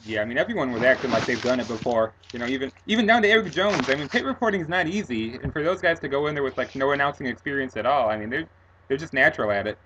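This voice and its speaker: A man talks easily on a casual sports podcast, mostly agreeing and adding points. He has a mid-pitched voice. The mic sounds muffled and lo-fi. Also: animated, racing, noisy background. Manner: easygoing, agreeable. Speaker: podcast co-host. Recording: dull lo-fi mic.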